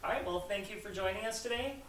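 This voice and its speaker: A man's voice: sits high, fast, reverberant, distant mic, a crowd in the background, rough recording. A man hosting a podcast in casual chat, rambling with lots of "like" fillers. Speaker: podcast host.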